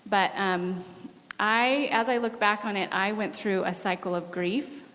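Woman in her 40s telling her story at church, earnest, reverb from a big hall, medium pitch. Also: measured pace. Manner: earnest, animated, with laughs. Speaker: missionary guest. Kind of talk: candid testimony in an interview.

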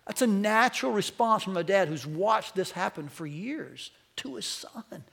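A male pastor preaching a sermon to a church congregation, animated, his voice climbing as he quotes. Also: high voice, moderate pace, vocal fry. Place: church sanctuary.

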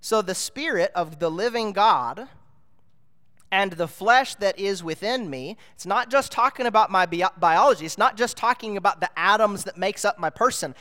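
A man delivers a sermon in an earnest, explaining way, pressing his points with emphatic bursts. His voice sits high for a man. The sound rings with the long reverb of a large church hall. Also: moderate pace, sharp tone. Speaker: preacher.

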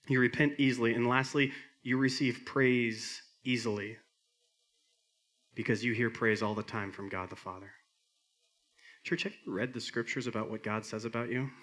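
A middle-aged man preaching a sermon as pastor, earnest, swinging from emphatic peaks to soft quiet lines. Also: mid-range voice, fairly even intonation, moderate pace, pauses often.

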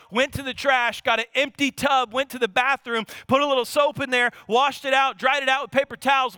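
A man in his thirties, from Louisiana and with a Louisiana accent, preaching an animated sermon. He repeats his points and throws rhetorical questions at the congregation. His voice sits high and bright, and it is recorded dry and close. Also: clean tone, no room sound. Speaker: pastor.

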